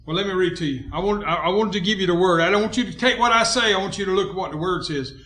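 A man pastor preaching a sermon in a church, emphatic, swinging between quiet and loud, calling out for amens. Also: sits high, quick pace, roomy sound, faint music behind.

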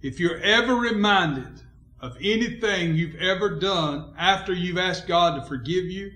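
A man pastor preaching a sermon in a church, emphatic, swinging between quiet and loud, calling out for amens. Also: sits high, a little slow, roomy sound, soft background music.

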